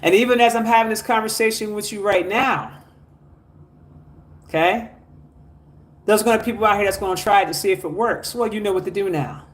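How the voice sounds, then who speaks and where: A man with a high voice leads a spiritual livestream, talking fairly quickly but pausing often. He reads comments from viewers and encourages them to like, share and donate.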